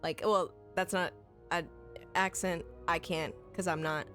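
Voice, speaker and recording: A woman's voice: on the low side, fairly even intonation, measured pace, fairly bright tone, soft background music. A woman streaming a story game, reading in-game letters aloud and breaking off for blunt, swearing reactions. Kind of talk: casual gameplay commentary.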